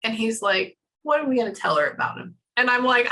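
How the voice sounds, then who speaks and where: A woman working as a psychic medium, chatting with a client in a lively, rambling way and often stopping herself mid-thought. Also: high-pitched, moderate pace, rough recording. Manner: chatty, animated, stops herself with frequent asides. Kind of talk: casual reading session with a client.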